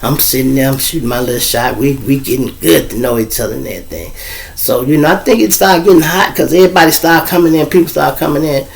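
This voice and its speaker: A man's voice: mid-range voice, fast, gravelly. A middle-aged man with a Chicago accent, hosting his show and telling loose, joking stories in raw street talk. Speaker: show host. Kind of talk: casual storytelling monologue.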